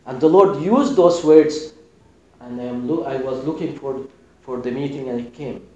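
A man preaching a sermon with passion, dropping to a hush and then rising loud. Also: mid-range voice, moderate pace, reverberant, highs cut off, a little hiss or hum. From Sudan. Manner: impassioned, swinging between hushed and loud.

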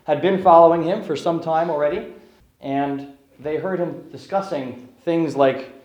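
A man's voice: fairly high pitch, a little slow, echoey room, muffled recording. A man preaching a sermon, working through a scripture passage with earnest, rising emphasis on key phrases.

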